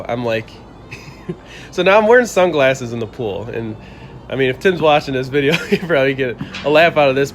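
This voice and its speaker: A young man from around Buffalo tells a personal story in a casual vlog, speaking at a mid pitch. He is lively and laughs a lot. His voice jumps up when he quotes other people. A faint noise runs under the recording. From Buffalo, New York area. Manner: animated, laughs often, acts out quoted lines with a raised voice. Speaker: channel host telling a story.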